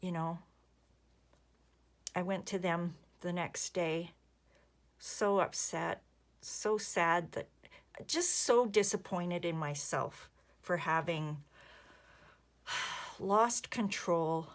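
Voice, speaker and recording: A woman in her fifties talks slowly in a lowish voice, chatting casually as she works on a craft. She rambles gently and keeps dropping into soft mutters to herself. Her tone is unhurried and personal. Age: 50s. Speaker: crafting vlogger. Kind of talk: casual chat while crafting.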